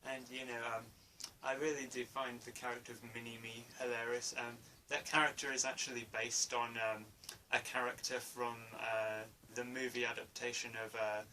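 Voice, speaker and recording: A man's voice: medium pitch, level tone, moderate pace, few pauses, pushed and bright. A man giving a casual spoken film review, hesitant, with many fillers and restarts. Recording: distant mic, faint room noise.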